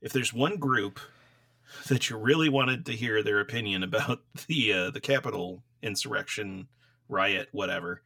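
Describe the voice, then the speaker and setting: A man's voice: on the low side, normal speed, sharp tone, dry recording. A man co-hosting a casual beer podcast from home, rambling with lots of fillers and laughs, and coughing from dry air. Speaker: podcast co-host. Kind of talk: casual chat about beer. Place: home room.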